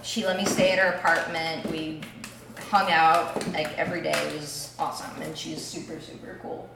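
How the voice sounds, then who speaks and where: A woman's voice: sits low, normal speed, gravelly, far from the mic, background noise. A young woman with a Southern Californian accent tells a travel story in a casual chat, with a dry, sarcastic way of talking. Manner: dry, sarcastic, animated when excited. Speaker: guest. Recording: echoey room, off-mic, faint ambience.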